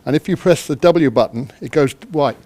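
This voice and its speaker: A man from the United Kingdom speaks to a conference hall, his voice sitting a little high for a man. He talks in a chatty, self-deprecating way and keeps throwing questions at the audience. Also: normal speed, darkish tone. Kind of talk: interactive conference talk.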